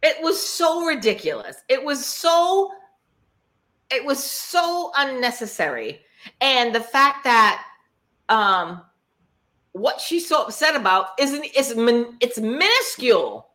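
A woman co-hosting a casual recap chat over a video call, blunt and animated, acting out what others said. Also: high-pitched, takes it slowly. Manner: blunt, animated, acts out quotes. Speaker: podcast co-host.

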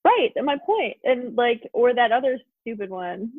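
A woman's voice: fairly high pitch, very animated, moderate pace. A woman in her twenties, co-hosting a casual chat over a video call, mostly jumping in with short reactions. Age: 20s. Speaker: podcast co-host. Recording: tinny phone-like call audio.

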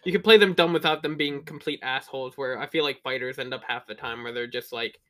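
A man's voice: mid-range voice, a bit bright. A man co-hosting a podcast in casual chat, riffing jokes and swearing freely. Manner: profane, joking, quick riffing. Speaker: podcast co-host.

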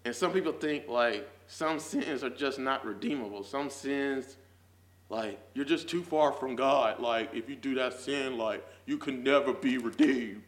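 A man's voice: mid-range voice, unhurried. A young man teaching a casual Sunday school Bible lesson, talking in slang with lots of "like"s and growing fervent as he goes. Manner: fervent, builds to near shouting, laughs often; casual slangy talk with many "like"s. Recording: echoey room.

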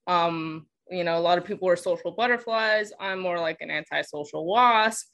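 A woman's voice: on the low side, moderate pace, a bit bright, poor audio. A woman from Texas with a Southern twang, chatting casually as a podcast co-host and laughing often. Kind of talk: casual chat.

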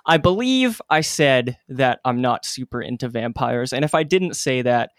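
A man's voice: medium pitch, lively intonation, normal speed, no room sound, clean studio sound. A man co-hosting a podcast, talking candidly and correcting himself as he goes. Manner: self-correcting, hesitant, candid. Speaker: podcast co-host. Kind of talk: casual podcast chat.

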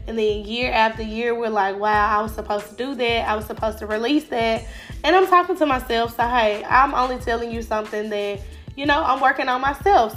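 Stuffy-voiced woman hosting a faith podcast. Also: fairly high pitch. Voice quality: casual, filler-heavy, encouraging. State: stuffy from a cold. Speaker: podcast host. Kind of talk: faith-based motivational podcast talk.

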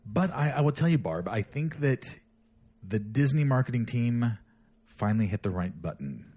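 Animated, teasing podcast host man. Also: mid-range voice, normal speed, husky. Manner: playful, teasing, jokey. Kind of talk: casual chat.

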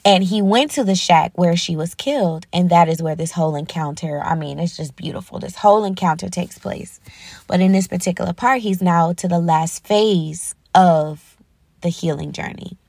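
Gravelly-voiced woman hosting an uplifting podcast. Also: fairly low pitch, moderate pace, darkish tone, dry recording. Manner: earnest, retelling a film scene with feeling. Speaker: podcast host. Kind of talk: inspirational podcast talk.

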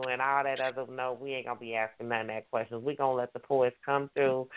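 A man's voice: mid-range voice, level tone, a little fast, hardly any pauses, smooth. A man hosting an online radio show, hyped and repetitive, calling out to his listeners. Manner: hyped, repetitive, call-and-response. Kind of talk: casual radio show talk. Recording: tinny phone line.

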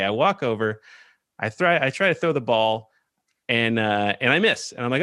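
Bright, animated man telling a comedic story. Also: medium pitch, no room sound, studio quality. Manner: animated, self-mocking, quick restarts. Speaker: podcast host.

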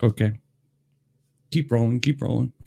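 A man chatting excitedly in a casual taste-test vlog, talking to his viewers. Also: mid-range voice, a little slow, vocal fry, breathy edge. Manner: excitable, chatty, lively delivery. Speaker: vlogger. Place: Las Vegas.

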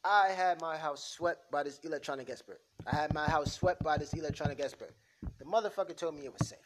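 A defensive mob underling makes excuses, read by a man voicing all the roles. His voice is a little high for a man, with a constant hiss underneath. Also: fast, close to an everyday voice.

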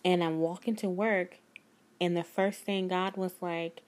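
A woman's voice: fairly low pitch, steady tone, slow pace, darkish tone. Earnest woman. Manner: earnest, emphatic, speaks of God. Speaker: spiritual life coach. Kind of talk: personal storytelling to viewers.

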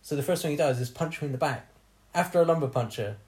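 A man's voice: a little high, quick pace, darkish tone. A man, hosting a podcast and telling a long personal story in casual chat, laughing often as he goes. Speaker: podcast host.

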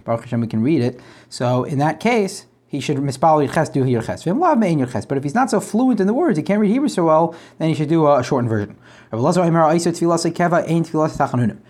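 A man's voice: fairly high pitch, lively intonation, fast talker, darkish tone. A man teaching a Talmud class casually, reading each line and explaining it in plain talk with frequent restarts and asides. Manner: translates line by line, restarts phrases, conversational asides.

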